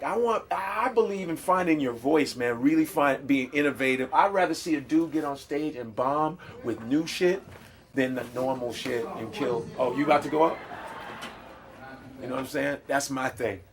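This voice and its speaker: A man, a stand-up comedian being interviewed, telling stories in an animated, profane style with street slang. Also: fairly high pitch, normal speed. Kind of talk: casual interview storytelling.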